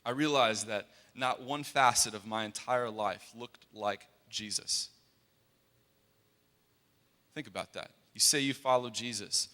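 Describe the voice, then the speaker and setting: A man's voice: on the low side, measured pace, long pauses, bright, forceful tone. A young man giving a sermon as a worship leader, earnest and conversational, often restarting his sentences. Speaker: worship leader and guest speaker. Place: large hall. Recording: long hall reverb.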